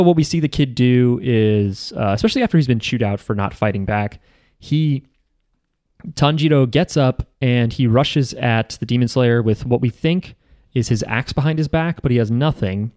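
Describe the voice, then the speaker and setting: A man's voice: mid-range voice, darkish tone, no room sound. Sarcastic young man recapping anime, dry sound. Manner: rambling, sarcastic, many fillers. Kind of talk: casual chat recapping an anime episode.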